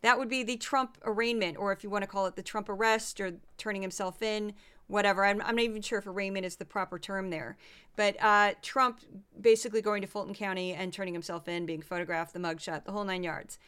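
A woman's voice: medium pitch, fairly even intonation, quick pace, fairly bright tone, smooth. A tired woman hosting a solo podcast, chatting through statistics with self-deprecating asides. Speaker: podcast host. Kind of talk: casual solo podcast commentary.

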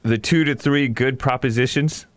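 A man on a radio talk show panel, joking and quick with asides. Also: mid-range voice, dry recording. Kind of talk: casual studio talk show.

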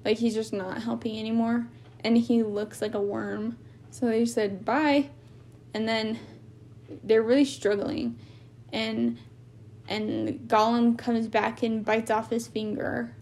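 A woman's voice: a little high, little pitch movement, a little slow, a little mellow. Young woman with a valley-girl lilt. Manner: valley-girl speech with lots of "like". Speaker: podcast guest. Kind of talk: casual chat.

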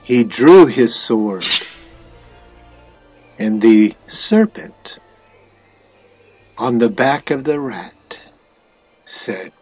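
A man reading a storybook tale aloud at an unhurried pace. His pitch rises and falls freely, with soft music playing faintly underneath. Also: slightly rough. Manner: slow, expressive reading. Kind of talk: storybook narration.

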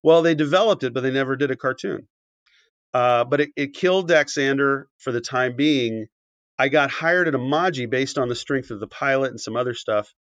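Animated male guest telling a story. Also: medium pitch, normal speed, no room sound. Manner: animated, acts out quoted dialogue, many fillers and restarts. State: briefly choked up. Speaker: podcast guest, author and animation writer. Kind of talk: conversational storytelling. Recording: dull, dry podcast audio.

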